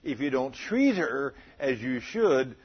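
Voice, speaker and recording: A man preaching a sermon, telling folksy stories with a chuckle in a husky voice. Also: medium pitch, very animated, takes it slowly, muffled recording.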